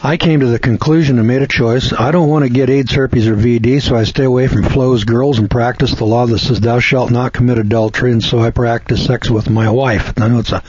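A man giving conversational Bible commentary in a folksy, sardonic way, arguing back at a letter writer and often clearing his throat. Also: medium pitch, steady tone, fairly quick, hardly any pauses, darkish tone, highs cut off. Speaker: preacher.

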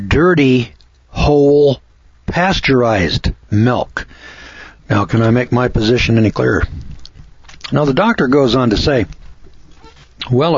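A man's voice: mid-range voice, slightly rough, no room sound. A man from Missouri, a dairy farmer, talking in a folksy, emphatic monologue that repeats lists of words for stress. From Missouri, USA. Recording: dull lo-fi recording.

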